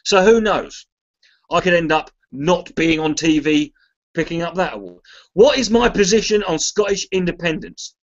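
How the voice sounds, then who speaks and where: A man's voice: a little high, moderate pace, dull audio. A man who is a comedian chats loosely on a charity livestream, swearing freely, mocking himself and reading chat messages aloud. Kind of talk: casual rambling livestream chat.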